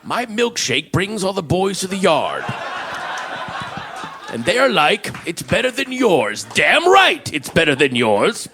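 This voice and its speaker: A man doing an impression of an intense, menacing old-time oilman, making slow, theatrical pronouncements. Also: high voice, huge pitch swings, noisy background, exaggerated voice. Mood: grandiose.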